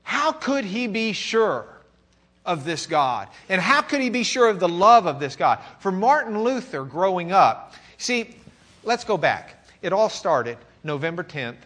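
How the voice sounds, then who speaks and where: Texan male pastor, fairly high voice, church-class sermon, dramatic loud-to-soft swings, restarts. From Texas. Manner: swings from loud questioning to quiet confiding, with joking asides; restarts and repeats words. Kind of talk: sermon lesson.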